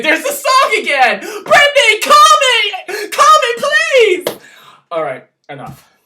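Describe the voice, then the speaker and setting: A hyper, excitable man vlogging and ranting, swearing freely and giggling as he talks. His voice is bright and swings widely in pitch. He sounds distant from the mic in an echoey room. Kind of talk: casual hyper vlog rant.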